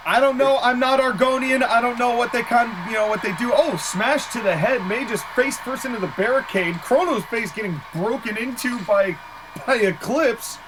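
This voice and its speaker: A man calling a match play-by-play in casual style, excitable, laughing easily and exclaiming at big moves. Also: very high voice, normal speed, noisy background. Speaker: play-by-play commentator.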